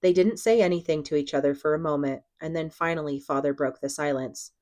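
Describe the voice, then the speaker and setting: A woman reading a novel aloud in a steady, even narration. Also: low-pitched, fairly quick. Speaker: audiobook reader.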